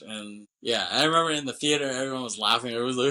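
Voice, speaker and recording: Animated man retelling a movie. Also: medium pitch, fast talker, few pauses, rough recording. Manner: animated retelling, acting out lines, profane. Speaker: podcast co-host. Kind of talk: casual movie recap.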